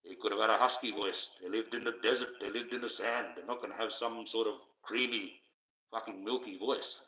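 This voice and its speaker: A man's voice: lowish voice, steady tone, fairly quick, sharp tone. A man rambling on a livestream, talking casually and swearing freely. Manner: profane, rambling, conversational. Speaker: livestream host. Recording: dull, echoey room sound.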